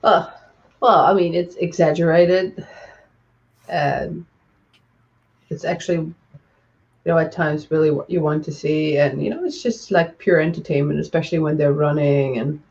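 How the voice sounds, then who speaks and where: A woman's voice: low-pitched, fairly even intonation, normal speed, pauses often, a little mellow, highs cut off. A woman co-hosting a casual movie chat stream, talking in a teasing, playful way. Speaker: stream co-host.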